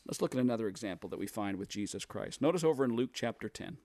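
A man's voice: fairly low pitch, lively intonation, fast, creaky, a little mellow, no echo. A man preaching a sermon, walking through a Bible passage in a conversational, repetitive teaching manner.

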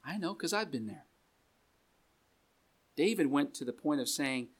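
A man's voice: fairly high pitch, animated, a little slow, pauses often, husky. A man preaching a sermon in a conversational way, reading scripture aloud and adding joking asides, in a meeting room.

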